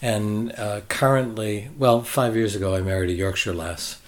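Deep-voiced American man, reflective. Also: fairly even intonation, normal speed. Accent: Boston American. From United States. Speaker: guest, consultant. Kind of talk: conversational interview.

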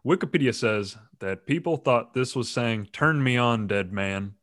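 A man's voice: medium pitch, lively intonation, unhurried, a bit bright. A man hosting a casual podcast chat, rambling and joking, often laughing mid-sentence. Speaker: podcast host.

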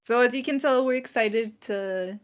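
A woman's voice: fairly high pitch, normal speed. A woman co-hosting a casual podcast chat, chatty and giggly, sometimes losing her words. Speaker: podcast co-host.

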